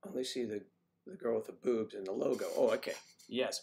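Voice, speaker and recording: A man's voice: mid-range voice, fast talker, vocal fry. A man hosting a casual morning livestream, chatting playfully and reading out viewer comments. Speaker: livestream host.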